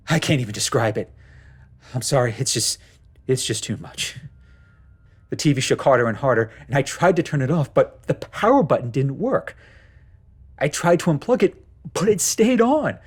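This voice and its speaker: A man with a husky voice tells a first-person horror story. His delivery is tense and dramatic, and his pitch rises and falls in a lively way. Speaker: narrator.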